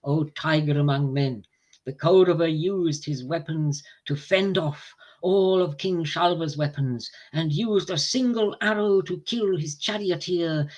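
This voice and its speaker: A man reading an ancient epic aloud to a group. He reads in a measured, deliberate way and pauses between phrases. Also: a little high. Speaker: reader of scripture to a group.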